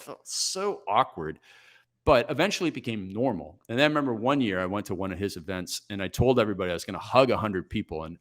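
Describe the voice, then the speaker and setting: A man in his forties, a coach guest on a podcast, telling stories in a brisk, energetic, self-reflective way. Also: on the low side. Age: 40s. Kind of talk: podcast interview, storytelling.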